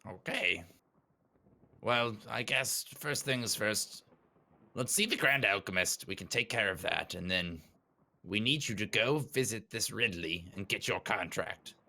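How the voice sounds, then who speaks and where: A man sits in on a tabletop role-playing session with friends, talking things over and stepping into his character. His voice is bright and forceful, and his pitch rises and falls a lot. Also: unhurried, creaky. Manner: lively, speaks in character and narrates own actions. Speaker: player. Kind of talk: tabletop role-play chat.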